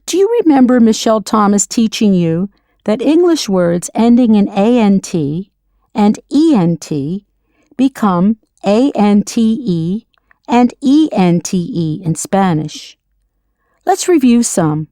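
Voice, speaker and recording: A woman teaching a scripted audio language lesson, slowly modeling foreign words and spelling them out letter by letter. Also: medium pitch, very animated, mellow, no room sound, clean studio sound.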